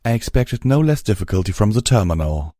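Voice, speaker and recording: Male audiobook narrator, low voice, warm tone, dry close sound. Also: sing-song, brisk, dry recording. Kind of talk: scripted narration.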